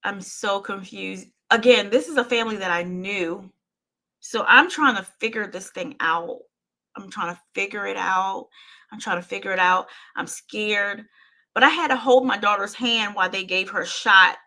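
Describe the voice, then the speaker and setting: A woman's voice: mid-range voice, moderate pace, bright, forceful tone. A woman hosting her own show, telling a painful personal story with intensity, often repeating herself and speaking straight to her listeners. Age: adult parent.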